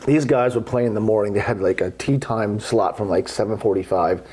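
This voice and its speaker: Profane, animated middle-aged storyteller man. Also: on the low side, a little fast, slightly rough. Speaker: golf podcast guest telling stories. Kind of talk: casual storytelling.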